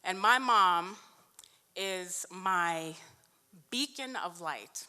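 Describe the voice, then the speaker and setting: Woman, award acceptance speech, emphatic, heartfelt, forceful bright tone, long hall reverb. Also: fairly low pitch, expressive, drawn-out words, clean tone. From New York, USA. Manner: emphatic and heartfelt, stretching key words. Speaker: award honoree and union vice president. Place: large event hall. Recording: echoey hall.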